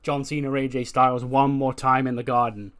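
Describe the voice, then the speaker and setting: A man narrating a game playthrough in a loose, chatty way, full of fillers and asides. His voice sits at a middle pitch. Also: little pitch movement, a little fast, fairly bright tone, clean tone. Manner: chatty, filler-heavy, laughs at own jokes. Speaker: let's play narrator.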